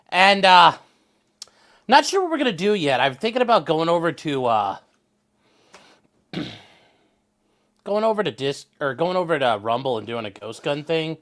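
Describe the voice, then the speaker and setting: A man's voice: a little high, big pitch swings, a little slow, pauses often, a bit bright. A man hosting a casual livestream from home as a lawyer, rambling and chatty, breaking off to coo at his pets. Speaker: attorney and livestream host.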